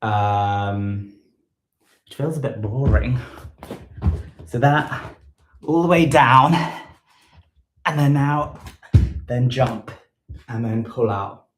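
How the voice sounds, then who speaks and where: A man's voice: medium pitch, drawn-out words, long pauses, echoey room, a little hiss or hum, rough recording. A man leading a home workout in casual talk, thinking aloud with many ums and self-corrections, a bit out of breath. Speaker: fitness vlogger leading a live workout. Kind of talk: casual live workout instruction. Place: room at home.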